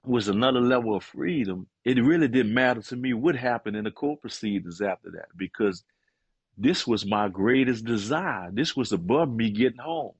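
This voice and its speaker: A middle-aged man, a guest and author, giving an earnest and emotional personal testimony, often pausing with "man" and hesitating as he talks. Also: medium pitch, animated, slightly rough, no room sound.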